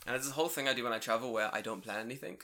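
A man co-hosting a casual podcast, swearing a lot and telling animated stories with put-on voices. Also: medium pitch. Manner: fast, profane, animated storytelling with put-on voices. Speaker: podcast co-host. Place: home recording room.

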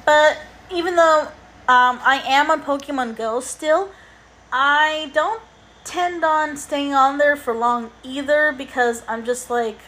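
A woman's voice: high-pitched, takes it slowly, pushed and bright. A woman hosting her own podcast, rambling casually about mobile games, cursing freely, with exasperated asides. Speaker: podcast host.

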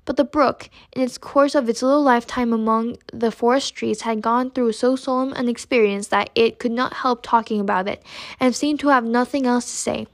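A woman reads an old novel aloud at a careful, unhurried pace. Her voice sits fairly high, and she sometimes trips over a word and corrects herself. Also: steady tone. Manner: slow, careful reading with occasional stumbles. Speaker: reader. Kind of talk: reading a classic novel aloud.

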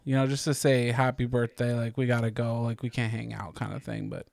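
A man in his thirties co-hosts a podcast in casual chat, rambling along with frequent "likes," plenty of fillers and the odd swear word. His mid-range voice is brisk and flat, with vocal fry and a slightly dark tone.

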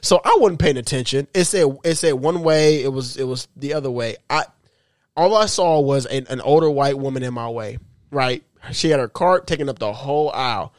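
A podcast co-host with a medium-pitched voice speaks at normal speed in a dry, clean studio recording. Chatting casually, he tells a story with animation, laughing often and stumbling and restarting along the way.

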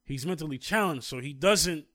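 Recorded dry with clean studio sound, a man's voice sits on the high side, a bit bright and at a moderate pace. He's co-hosting a casual conversation, telling a lengthy story and growing heated and emphatic.

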